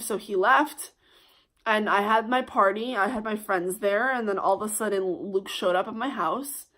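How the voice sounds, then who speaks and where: A young woman vlogger telling a heated personal story, swearing often and swinging between loud outbursts and hushed asides. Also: medium pitch. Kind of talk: storytime vlog.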